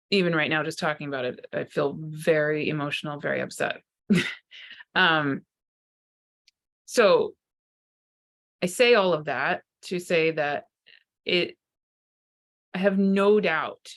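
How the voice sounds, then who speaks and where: A woman's voice: low voice, fairly bright tone. A woman, a psychotherapist and spiritual teacher, talking to camera in an earnest, searching way, often restarting her sentences. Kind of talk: unscripted spiritual talk to camera.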